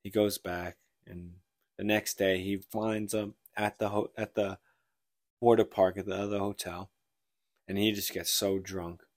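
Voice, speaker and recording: A man's voice: fairly low pitch, level tone, measured pace, no room sound, studio quality. A man co-hosting a casual podcast, retelling a book plot in a rambling way and acting out the characters' lines. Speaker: podcast co-host.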